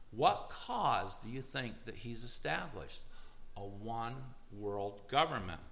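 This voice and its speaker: A man's voice: mid-range voice, very animated, takes it slowly, creaky, fairly bright tone, poor audio. A man giving a sermon-style talk, reading quotes aloud with emphatic stress. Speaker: preacher.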